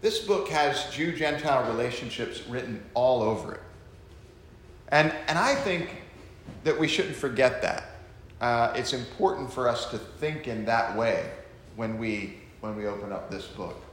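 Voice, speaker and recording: A man leading an informal Bible study, talking in an animated way with many restarts and acted-out quotes. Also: mid-range voice, a little slow. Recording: echoey room with faint noise.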